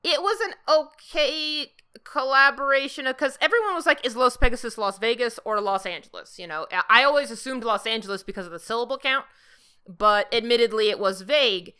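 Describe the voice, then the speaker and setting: A woman in a casual chat, enthusiastic and excitable, rambling as she talks. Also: a little high, fairly quick, clear, resonant tone. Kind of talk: casual video-call chat.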